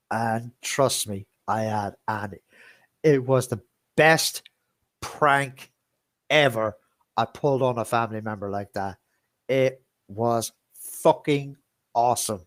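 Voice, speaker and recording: Male stream host, slow and dry, rambling and animated, swears freely. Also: medium pitch, no room sound. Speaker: livestream host and DJ. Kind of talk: casual storytelling to viewers.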